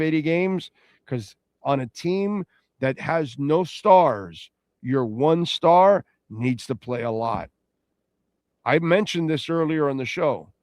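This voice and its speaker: Rambling middle-aged radio host. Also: male voice, on the high side, no room sound. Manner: rambling, conversational, reacting to chat. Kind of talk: casual sports talk.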